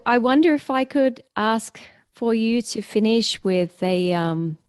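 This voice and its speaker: Slow, clear-voiced female podcast host. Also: medium pitch, no echo, studio quality. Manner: gentle, polite, hesitant. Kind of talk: interview.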